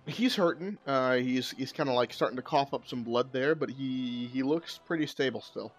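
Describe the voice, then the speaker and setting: A man running a tabletop game as game master, narrating casually with plenty of fillers and quick laughs. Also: mid-range voice, soft background music.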